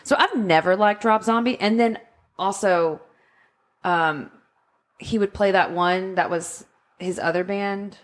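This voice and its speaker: A woman with a mid-range voice co-hosts a podcast, chatting casually at a slightly slow pace. Her speech is full of ums and likes.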